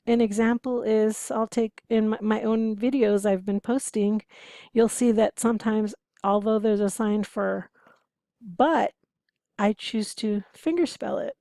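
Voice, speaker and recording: Female instructor, gravelly and mellow, dry close sound, chatty lecture delivery. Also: on the high side, no room sound. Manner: conversational, explanatory, asks rhetorical questions. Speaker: interpreting instructor. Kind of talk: lecture to students.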